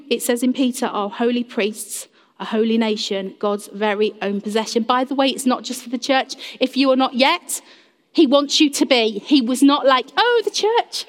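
A woman preaching a sermon in earnest, addressing the congregation directly and acting out quoted voices. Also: sits high. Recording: long reverb of a large hall.

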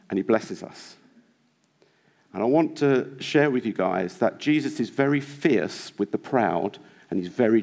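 A male preacher delivers a sermon in a church with a mid-range voice. He talks earnestly and urges his listeners on, often pausing on rhetorical questions to the congregation. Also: medium pitch, warm tone. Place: church hall.

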